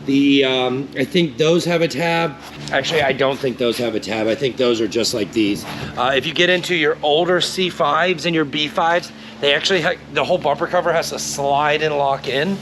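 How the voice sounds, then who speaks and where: A man's voice: fairly high pitch, steady tone, normal speed, background noise. A man hosting a casual DIY car repair walkthrough. He is laid-back, swears now and then, and explains each step.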